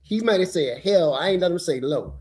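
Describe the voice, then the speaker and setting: A man in his fifties, a podcast host telling a story in an emphatic, animated way. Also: high voice, brisk.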